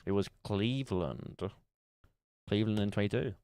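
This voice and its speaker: Brief: male streamer, very low voice, dry close sound, casual thinking-aloud chat. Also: moderate pace, darkish tone, clear, resonant tone, no echo. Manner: musing aloud while playing a guessing game.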